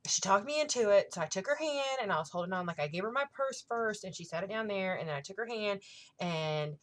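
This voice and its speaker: Excitable woman in her thirties, gushing. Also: medium pitch, fairly quick. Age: 30s. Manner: excitable, gushing, swears freely. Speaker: vlogger. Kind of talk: casual storytelling vlog.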